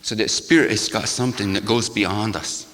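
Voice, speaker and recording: An older man, a shaman, giving a sermon-like talk to a gathering in a church, with a rhythmic, repetitive cadence that swings from loud to hushed and wry, laughing asides. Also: fairly low pitch, fairly even intonation, normal speed. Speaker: shaman speaker. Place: church hall. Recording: long hall reverb.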